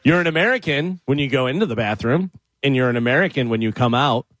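Playful joke-reading man, lively pitch. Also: fast, no echo. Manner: playful, reading jokes aloud. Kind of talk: casual studio banter.

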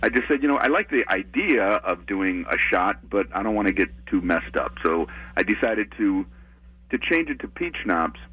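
A comedian chatting as a radio guest, halting with many ums and restarts. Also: male voice, lowish voice, animated, sharp tone, slightly rough, no echo, dull audio. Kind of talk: casual radio interview chat.

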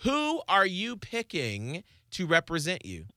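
A man hosting a morning radio show, chatting in lively, teasing banter and laughing often. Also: sits high, measured pace, dry recording.

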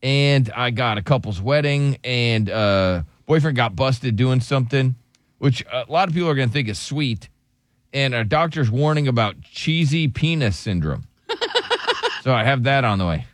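A man's voice: mid-range voice, expressive, normal speed, no room sound, studio quality. A man hosting a morning radio show, teasing his co-hosts and laughing often in casual banter.

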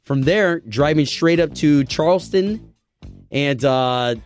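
A man's voice: on the high side, takes it slowly, faint music behind. A man in his forties co-hosting a morning country radio show, chatting loosely with lots of fillers. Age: 40s. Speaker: radio co-host.

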